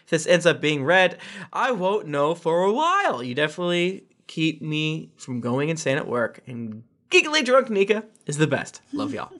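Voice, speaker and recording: A man's voice: on the high side, sing-song, moderate pace, a bit bright. A man hosting a podcast, reading listener reviews aloud with joking asides. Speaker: podcast host.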